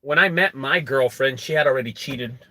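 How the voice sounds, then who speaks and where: A young adult man who runs a junk removal business, telling a story to camera in an animated way and acting out quotes. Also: moderate pace, no room sound. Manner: animated, acts out quotes with rising pitch.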